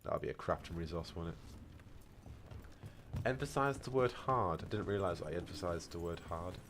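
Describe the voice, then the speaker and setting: Bloke streaming a game, lowish voice, chatty, reads chat out, bit of hiss behind. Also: male voice, normal speed. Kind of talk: casual gameplay commentary. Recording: faint background noise.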